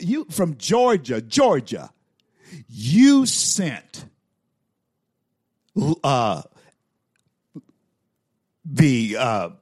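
A male talk show host offers opinionated political commentary, repeating lines emphatically for effect and stammering through restarts. His voice is mid-range, and the studio-quality recording has no echo.

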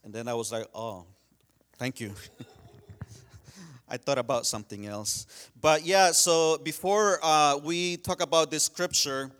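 A man who learned English as a second language, preaching in a church in a chatty style with many asides and slowed-down emphasis. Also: a little high, fairly bright tone. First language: not English. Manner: conversational, frequent "you know" and restarts, slows down to stress key words. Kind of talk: sermon with humorous stories.

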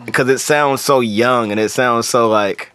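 A man's voice: mid-range voice, moderate pace, fairly bright tone, clear, resonant tone. Chatty man with a Cincinnati accent. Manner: loose and talkative, many filler likes. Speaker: rapper guest. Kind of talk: casual chat.

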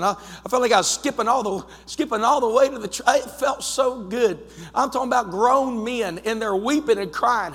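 A male pastor with an Ohio accent, preaching a fervent storytelling sermon that builds toward shouting. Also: extremely high pitch. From United States. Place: church sanctuary. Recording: long church hall reverb.

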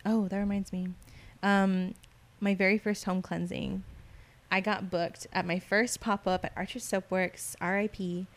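A woman in casual chat, telling stories in a slangy, animated way and acting out the voices of the people she quotes. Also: medium pitch, unhurried.

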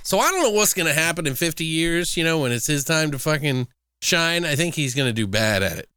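A man's voice: fairly high pitch, a little fast, smooth, no echo. A man hosting a podcast, retelling a film plot in casual, profane chat. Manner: animated, profane storytelling. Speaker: podcast host, film reviewer.

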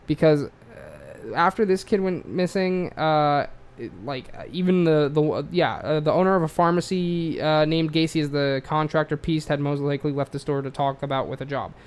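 A man's voice: on the high side, moderate pace, clear, resonant tone. An Australian man telling a true-crime story in a loose, rambling way, full of swearing and fillers. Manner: rambling, profane, lots of fillers.

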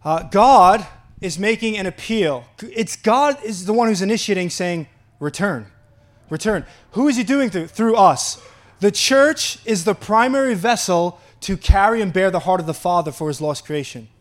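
A man preaching a sermon, earnest and full of wonder, slowing down for emphasis and breaking into delighted laughs. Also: sits high, lively intonation. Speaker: pastor.

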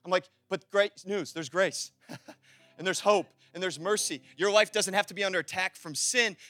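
A man's voice: high voice, moderate pace, pushed and bright, no echo. A young adult man preaching a sermon in a conversational way, acting out little dialogues and building to fervent exhortation. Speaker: pastor.

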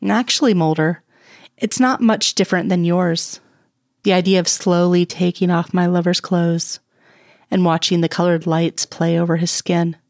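Composed, teasing woman agent, read by a woman, low-ish and sultry, dry audio-story read. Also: steady tone, normal speed, darkish tone, no room sound, natural voice.

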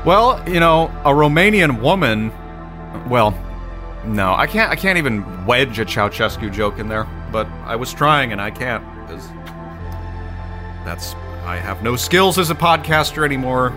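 A man's voice: medium pitch, very animated, a little slow, over music. A man co-hosting a podcast, chatting casually and cracking playful jokes. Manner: jokey, playful asides. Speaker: podcast co-host.

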